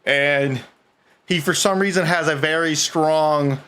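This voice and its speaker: A man's voice: a little high, slow, a bit bright, smooth. A man narrating as game master of a tabletop game, rambling with lots of fillers and laughs.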